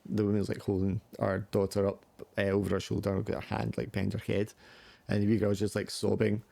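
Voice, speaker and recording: A man's voice: on the low side, monotone, brisk, vocal fry, mellow, no echo. A man narrating a tabletop horror game as game master, rambling with many fillers.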